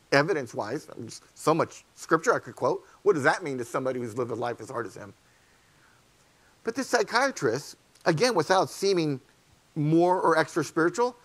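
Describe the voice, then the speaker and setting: A male pastor delivering a sermon, telling a story quietly and then rising into fervent, pleading preaching. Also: medium pitch. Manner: storytelling, swings from hushed to fervent. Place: church sanctuary.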